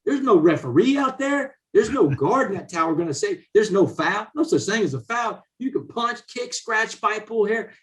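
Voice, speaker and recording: A man's voice: sits high, animated, moderate pace, few pauses. A man, a podcast guest telling a story casually and animatedly, saying "man" in nearly every sentence. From Southeast Texas, USA. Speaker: podcast guest, author and speaker.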